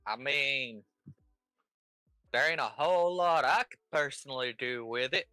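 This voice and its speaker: A man voicing a blunt male dwarf blacksmith with a gruff country accent. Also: mid-range voice, a little slow, bright, forceful tone, no room sound.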